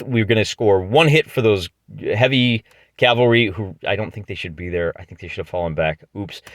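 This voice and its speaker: In a dry recording, a middle-aged Midwesterner with a medium-pitched, slightly bright voice chats through a one-player tabletop battle. His casual play-by-play is full of jokes and phrases he starts over.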